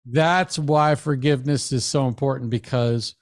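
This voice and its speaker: A man, a psychologist, giving a lively, conversational professional development talk to teachers, often acting out quoted voices. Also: medium pitch, normal speed.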